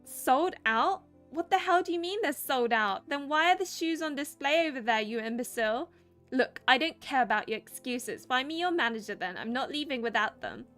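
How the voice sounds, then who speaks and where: A woman voicing a young woman from a romance game, speaking high and emphatic. She is by turns desperate and spoiled, with faint music beneath her. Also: moderate pace. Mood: haughty. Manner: high-pitched, loud and emphatic. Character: young woman, desperate lover then haughty spoiled girlfriend.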